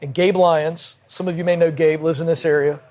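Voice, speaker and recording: A man, a podcast guest, telling a vivid personal anecdote in brisk conversational style at a cigar lounge. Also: on the high side, fairly even intonation, darkish tone. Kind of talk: animated storytelling in conversation. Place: cigar lounge with a group present.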